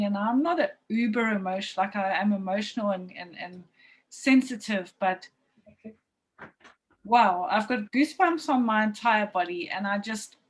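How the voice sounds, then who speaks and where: A woman in her forties, a team coach, gives a heartfelt, emphatic, emotional motivational talk on a video call. Her medium-pitched voice comes through a video call mic in a low-quality recording with faint background noise.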